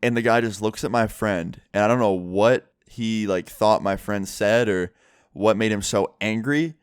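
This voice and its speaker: A man's voice: on the low side, measured pace, clean tone, no echo, clean studio sound. A young man casually telling a storytime tale to his viewers, chatty and full of fillers. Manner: chatty, filler-heavy retelling. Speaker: vlogger.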